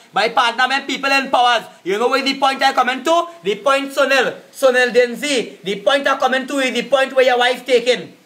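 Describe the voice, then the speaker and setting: A man's voice: very high-pitched, fairly bright tone. A man with a Trinidadian accent ranting on a live stream, cussing and repeating himself as he confronts people. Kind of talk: angry live-stream rant.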